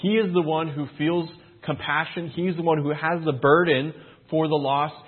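A man delivers a sermon in a husky, slightly raised voice, leaning into rhetorical questions and pressing his points home with earnest emphasis. The sound is thin and tinny, like it is coming down a phone line. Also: a little high, fairly even intonation, moderate pace. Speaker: preacher.

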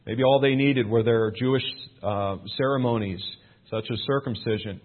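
A man's voice: medium pitch, moderate pace. A man preaching a plain, conversational sermon as pastor, building to emphatic points. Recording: thin phone-like sound.

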